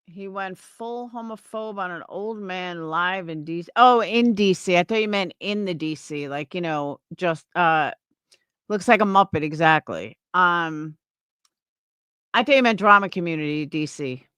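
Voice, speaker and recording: A woman's voice: fairly low pitch, unhurried, fairly bright tone, clean tone, no echo, clean studio sound. A young woman streamer giving a profane, scornful reaction rant on a livestream. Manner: angry, profane, scornful ranting.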